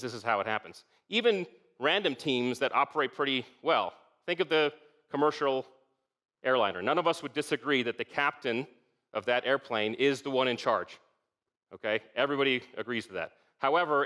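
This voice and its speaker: Middle-aged guy giving a leadership talk, sharp tense tone, keeps saying "right?" to the room. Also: mid-range voice. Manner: conversational, checks in with the audience by asking "okay?" and "right?". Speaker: keynote speaker.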